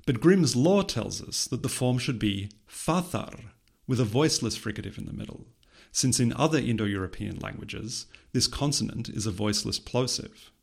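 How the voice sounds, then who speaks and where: Guy with a gravelly voice reading a scripted lesson, calm and measured. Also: medium pitch. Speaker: podcast host explaining linguistics history. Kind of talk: scripted educational narration.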